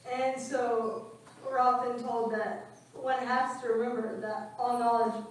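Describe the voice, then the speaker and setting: A woman's voice: on the high side, a little hiss or hum. A woman giving a scripture class in a temple room, telling stories and acting out what people said. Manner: storytelling with acted quotes. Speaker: class speaker. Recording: echoey room from far off.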